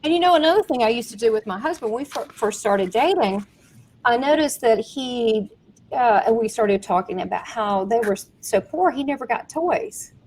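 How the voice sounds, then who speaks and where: A woman hosting a podcast, telling stories in an animated, giggly casual chat. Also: a little high, normal speed, slight background noise, poor audio. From Southern United States. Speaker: podcast host.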